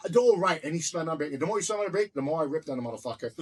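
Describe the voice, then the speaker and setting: A restaurant owner with a slightly high, lively voice talks very fast in an interview, telling a heated story. He's blunt and swears constantly, acting out each exchange.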